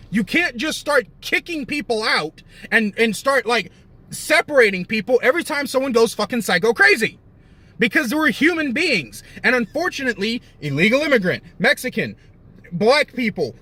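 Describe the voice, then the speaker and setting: Heated, high-pitched profane male ranter. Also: bright, forceful tone. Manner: rambling with self-corrections. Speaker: commentator. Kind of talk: ranting commentary.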